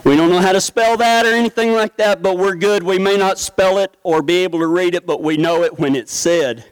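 Middle-aged West Texas preacher, down-home joking delivery, high-pitched voice, dry recording. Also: male voice, steady tone, brisk, clear, resonant tone, no room sound, poor audio. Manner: storytelling, down-home, joking with congregation. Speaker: pastor. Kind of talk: folksy sermon.

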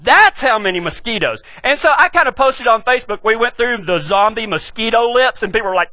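A middle-aged pastor with a West Texas accent tells a funny story in an animated, folksy way. His voice is high and bright, and it swings widely in pitch. The sound is dry and close. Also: fairly quick, hardly any pauses, no room sound. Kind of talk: humorous storytelling sermon.

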